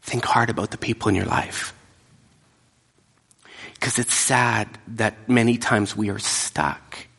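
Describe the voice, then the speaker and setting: Male preacher, lowish husky voice, long hall reverb, intense with whispered drops. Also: slow pace, pauses often. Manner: emphatic, drops to hushed whispers. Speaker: pastor. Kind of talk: sermon.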